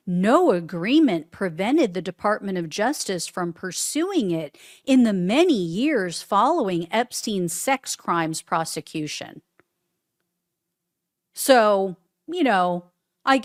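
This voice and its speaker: A woman's voice: mid-range voice, dry recording, studio quality. A woman hosting a solo political commentary show, reading news quotes aloud and answering them with sarcasm. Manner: sarcastic, reads quotes then mocks them.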